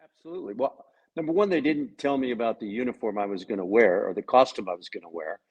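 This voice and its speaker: Talking fast in a lowish, darkish voice that's slightly rough, an actor being interviewed by video call jokes about his role. He tells stories, quoting what others said, in a relaxed chat. The recording sounds muffled.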